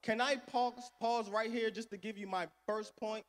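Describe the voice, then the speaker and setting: High-voiced preacher in an echoey church. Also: male voice, fairly even intonation, normal speed. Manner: call-and-response preaching, swings between loud and soft. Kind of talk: sermon. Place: church sanctuary.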